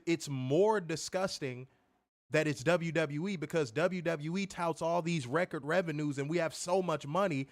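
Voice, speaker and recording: A man co-hosting a wrestling podcast, ranting heatedly with plenty of profanity in a casual, fired-up way. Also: fairly high pitch.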